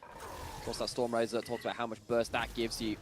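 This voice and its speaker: Male esports caster, rapid delivery, playful commentary. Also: medium pitch, completely flat delivery, slight background noise. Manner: playful, jokey asides. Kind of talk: live play-by-play commentary.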